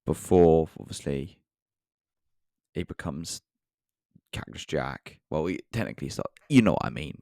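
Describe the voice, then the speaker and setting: British man, deep voice, dry close recording, casual review, sarcastic asides. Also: normal speed, creaky, mellow, no room sound. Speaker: wrestling reviewer.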